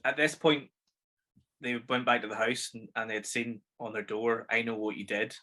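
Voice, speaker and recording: A man's voice: medium pitch, steady tone, moderate pace, pushed and bright. A Northern Irish man co-hosting a podcast in casual chat, retelling scenes and swearing casually. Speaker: podcast co-host.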